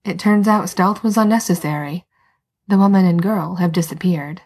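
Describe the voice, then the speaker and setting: A woman reading a story aloud as narrator, soft and unhurried, sometimes dropping to a whisper. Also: lowish voice. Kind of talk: scripted narration.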